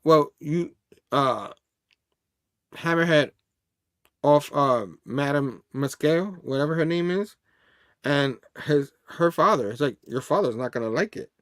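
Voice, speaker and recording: A man's voice: a little high, expressive, measured pace, pauses often, fairly bright tone, no room sound, clean studio sound. Chatty laughing man recapping comics. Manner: loose and chatty, laughs often, reads comic dialogue aloud. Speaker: comic book review host. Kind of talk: casual rambling comic recap.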